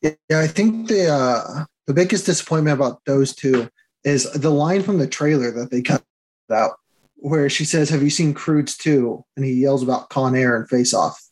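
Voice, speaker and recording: A man's voice: medium pitch, moderate pace, a little mellow, low-quality recording. A man co-hosting a casual movie review chat, easygoing and agreeable, trailing off when searching for names. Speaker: podcast co-host.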